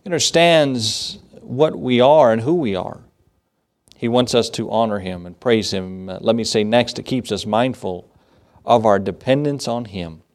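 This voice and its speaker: A man's voice: medium pitch, a little slow. A pastor giving a sermon to his church, talking with them rather than at them. He often laughs and acts out little asides as he goes. His voice sits right in the middle range for a man. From United States. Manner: conversational, with laughs and acted asides.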